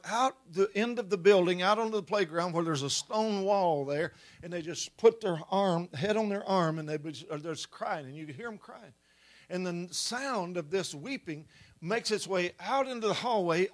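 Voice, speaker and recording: A middle-aged man preaching a sermon, telling a story with rising, animated delivery. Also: high voice.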